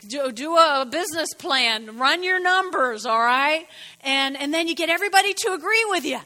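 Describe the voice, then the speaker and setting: Animated, preachy woman, high and bright, in a reverberant space. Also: normal speed. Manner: animated, preachy, rambling asides. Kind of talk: casual sermon-style talk.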